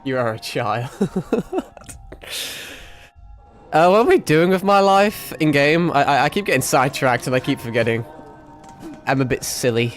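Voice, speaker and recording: A man's voice: a little high, expressive, a little slow, pauses often, faint music behind. A man in his twenties streaming a game, rambling casually and swearing a lot, often mocking himself. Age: 20s. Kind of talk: casual live-stream chat.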